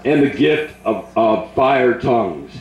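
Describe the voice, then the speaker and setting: An older man preaching at a revival, leading a crowd in shouted call-and-response prayer. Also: mid-range voice, animated, takes it slowly, reverberant, lo-fi sound, over loud music.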